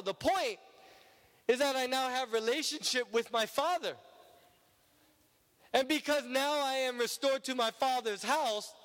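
Male preacher, high voice, emphatic sermon delivery, long hall echo. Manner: emphatic, rising and dropping to a hushed low voice.

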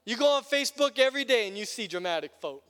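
A male preacher delivering an emphatic, repetitive sermon that builds to shouts. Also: extremely high pitch, animated, fast talker. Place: church sanctuary. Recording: long church reverb with music.

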